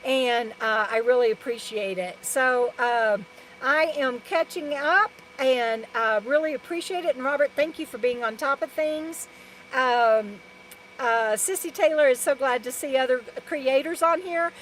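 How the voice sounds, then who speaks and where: A woman's voice: sits high, measured pace, a bit bright, a little hiss or hum, poor audio. A woman from Texas, hosting a casual live stream from her camper and reading out viewer comments in a rambling, chatty way full of restarts and fillers. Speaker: RV lifestyle vlogger.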